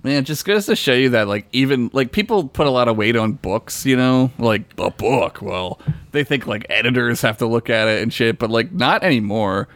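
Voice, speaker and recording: Male podcast co-host, rambling, lively pitch, dry close sound. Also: moderate pace, no echo. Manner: rambling, heavy on fillers like "like". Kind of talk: casual chat.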